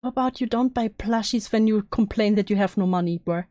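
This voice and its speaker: A woman's voice: mid-range voice, a little fast, warm tone, no echo. A woman streamer reacting to a video with casual, sarcastic asides.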